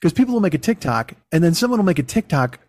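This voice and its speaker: A middle-aged podcast host with a voice on the high side talks fast, rambling through stories in casual chat with plenty of swearing. His storytelling is profane and animated, and the recording has no room sound.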